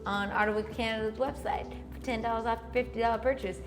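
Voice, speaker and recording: A woman's voice: on the high side, fairly even intonation, fast. Chat casually as a young woman hosting a crafting stream, full of likes and fillers. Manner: chatty, lots of likes and fillers. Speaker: host. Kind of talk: casual chat while styling a wig. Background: music.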